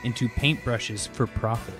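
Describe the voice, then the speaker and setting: A man's voice: mid-range voice, steady tone, a little slow, over music. A man co-hosting a casual podcast, with dry, wry humor. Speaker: podcast co-host. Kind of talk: casual chat.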